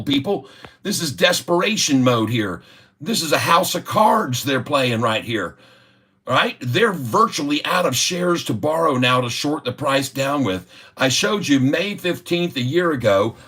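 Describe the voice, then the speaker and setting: A man's voice: mid-range voice, sharp tone. A middle-aged man ranting indignantly in a livestream of stock commentary. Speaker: stock market streamer.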